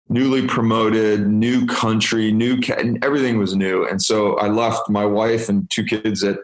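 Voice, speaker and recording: A man in his fifties, a guest in an interview, telling stories in an animated way and acting out quoted dialogue. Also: on the low side. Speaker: interview guest, business executive. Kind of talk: storytelling interview. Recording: roomy echo.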